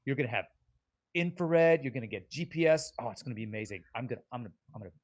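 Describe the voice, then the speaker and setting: A man voicing an excitable male tinkerer in a tabletop game, gushing eagerly about gadgets. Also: medium pitch, rapid-fire, lightly acted. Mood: excited.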